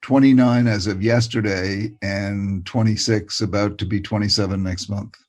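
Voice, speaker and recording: An older man, a guest expert in a casual interview, talking with warm enthusiasm and often repeating words. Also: on the low side, steady tone, moderate pace. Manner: warm, enthusiastic, repeats words and says "you know" a lot.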